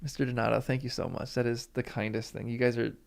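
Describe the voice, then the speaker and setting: A man's voice: mid-range voice, level tone, fast talker, vocal fry. A man hosting a live stream, chatting emotionally with viewers and reading from a book aloud.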